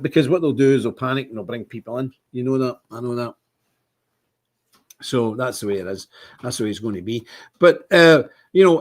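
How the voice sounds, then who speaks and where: A man with a Scottish accent hosting a casual livestream monologue, rambling with indignant outbursts. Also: medium pitch. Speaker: livestream host.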